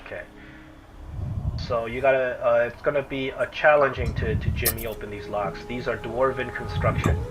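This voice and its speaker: A man's voice: mid-range voice, little pitch movement, moderate pace, noisy background. A man running a tabletop game as game master, talking casually and often restarting his sentences.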